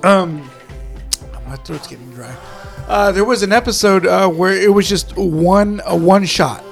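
A man's voice: high voice, measured pace, vocal fry, faint music behind. A man co-hosting a podcast in casual chat, rambling with lots of fillers and restarts. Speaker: podcast co-host.

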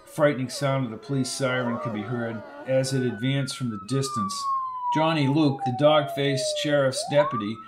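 A man reading an audiobook thriller in a steady, measured narration. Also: medium pitch, heavy background noise. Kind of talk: scripted narration. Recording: narration with music behind.

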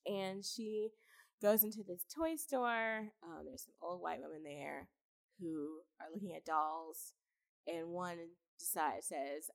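A young woman co-hosting a podcast chats casually about a film, speaking slowly in a lowish voice with vocal fry. She laughs often, swears, and fills her speech with fillers.

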